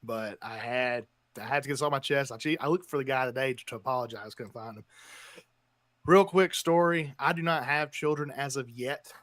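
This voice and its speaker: A podcast co-host, a man, spins a self-mocking story with quick bursts and sudden shouts. His voice sits in an ordinary middle pitch. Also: no echo. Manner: animated storytelling, self-deprecating. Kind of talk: casual chat.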